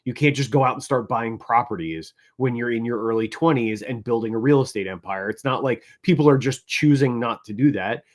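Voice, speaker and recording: A man's voice: medium pitch, a little fast, few pauses. A man co-hosting a casual panel talk, making his case analytically and often checking in with "right?". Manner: analytical, keeps tagging points with "right?". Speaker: co-host.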